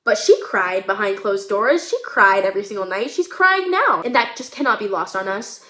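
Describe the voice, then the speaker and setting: A woman's voice: mid-range voice, normal speed. A woman vlogger talking casually and emotionally about her screenplay, with lots of "like" fillers. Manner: emotional, animated, many fillers like "like". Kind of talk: casual chat. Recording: roomy echo.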